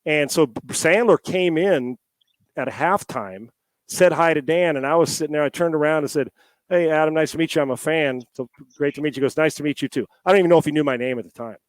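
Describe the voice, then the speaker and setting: A man's voice: on the high side, fairly quick, dry recording. Man telling a story in a dry, close voice. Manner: lively, rambling, with restarts and swearing. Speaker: podcast guest, former quarterback. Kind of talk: storytelling in a casual interview. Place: at home. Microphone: headset.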